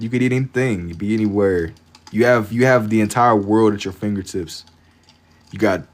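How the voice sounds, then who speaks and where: A man's voice: fairly low pitch, darkish tone. A young man chatting casually with his live-stream chat while he draws, laid-back and slangy, often repeating a phrase while he thinks. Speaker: livestreamer drawing for chat.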